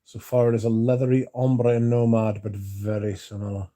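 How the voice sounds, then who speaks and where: A man hosts a relaxed livestream, talking in loose, rambling asides and reading out viewer comments before answering each one. His voice is mellow and dark and sits at a middling pitch. He swears casually now and then as he chats. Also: moderate pace. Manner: chatty, reads out viewer comments and answers them. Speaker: livestream host.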